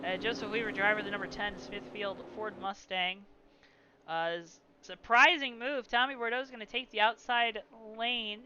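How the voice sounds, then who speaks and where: A man calls a simulated stock car race, his bright, forceful voice riding a faint hiss. He keeps up the play-by-play with casual joking asides. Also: sits high, steady tone, moderate pace, lo-fi sound. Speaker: play-by-play commentator. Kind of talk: sim racing commentary.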